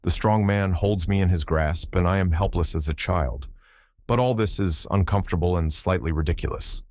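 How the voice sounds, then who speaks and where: A man voicing a mild, composed older detective who speaks calmly. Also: low-pitched, normal speed, dry recording, clean studio sound, close to an everyday voice. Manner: calm and mild.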